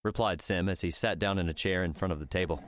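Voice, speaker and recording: A man reading an audiobook in scripted narration, steady and even. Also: deep voice, quick pace, a little hiss or hum.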